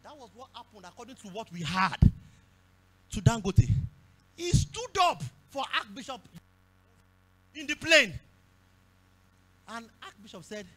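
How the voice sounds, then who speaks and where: High-voiced fervent Nigerian preacher. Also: male voice, sing-song, unhurried, long pauses. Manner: fervent preaching, repeats phrases, bursts into shouts. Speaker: pastor. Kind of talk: sermon. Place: church service.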